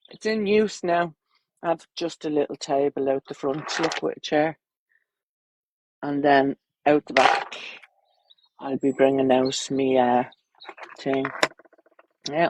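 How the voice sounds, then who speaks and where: A woman's voice: lowish voice, background noise. An Irish woman with children, chatting bluntly and crudely on a casual livestream, rambling from topic to topic. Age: adult, with children.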